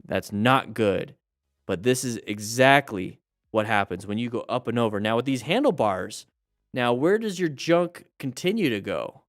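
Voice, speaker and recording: A middle-aged man commenting live on motorcycle crash videos as a riding instructor, lively and coaching, with jokey asides. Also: medium pitch, moderate pace.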